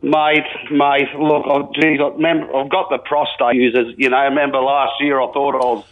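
A man's voice: medium pitch, level tone, normal speed, narrow, tinny audio. An older Australian man calling a talkback radio show, chatty and colourful, jumping from topic to topic. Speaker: regular radio caller. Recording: radio call.

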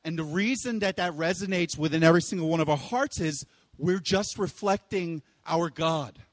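A young man preaching a casual, animated sermon, with playful asides and loud exclaiming bursts. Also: a little high, moderate pace, dry recording, long reverb tail. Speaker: pastor.

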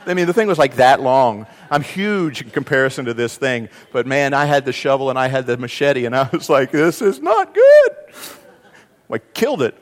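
A male pastor delivering a sermon, swinging between loud emphatic passages and hushed ones, with a conversational, self-deprecating humor. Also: mid-range voice, long reverb tail. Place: church sanctuary.

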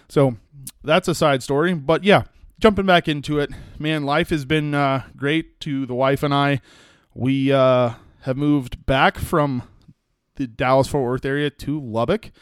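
A man's voice: mid-range voice, smooth, no echo, clean studio sound. A young man with a Texan accent from West Texas, hosting a casual solo podcast, rambling through folksy stories with plenty of fillers. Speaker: podcast host and hunting guide.

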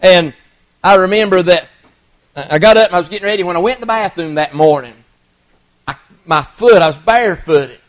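A man's voice: high voice, a little fast, long pauses, rough recording. A middle-aged man, preaching a folksy, earnest sermon story with many restarts and repeated words.

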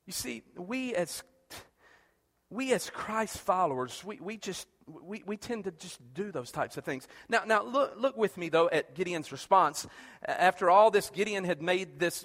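A man preaching a sermon, animated, acting out quoted prayers and often repeating words as he starts a phrase. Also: high voice, normal speed, in a large hall.

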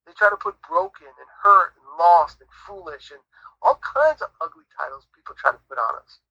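A man's voice: high-pitched, sing-song, a little fast, sharp tone, breathy edge, no room sound. A man giving his faith testimony as an interview guest, in an earnest, preacherly storytelling manner, on muffled audio. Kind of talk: conversational Christian testimony.

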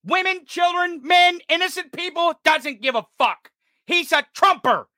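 A male podcast host delivering an angry, profane political rant, often shouting. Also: extremely high pitch, expressive, measured pace, no room sound, studio quality.

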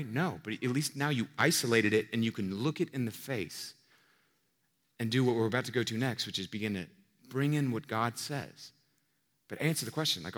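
A man preaching with a bright, forceful tone, and his voice rings out with long reverb through a large hall. He talks casually and asks rhetorical questions, jumping from loud emphasis to quiet asides. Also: mid-range voice. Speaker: pastor. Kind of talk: sermon.

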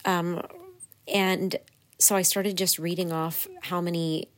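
A woman's voice: fairly low pitch, little pitch movement, slow pace. A woman hosting her own podcast, talking casually and earnestly with many fillers and small laughs. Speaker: podcast host. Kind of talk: casual solo podcast talk.

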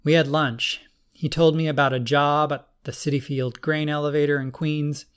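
A man reading an audiobook, voicing a grieving young man in his twenties who speaks hesitantly and haltingly. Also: a little high, little pitch movement, clear, resonant tone, natural voice. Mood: subdued.

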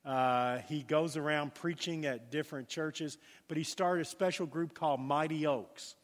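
A man preaching a sermon as pastor, telling a story with lively emphasis and dropping to a hushed tone for prayer. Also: fairly high pitch, normal speed, big-room sound.

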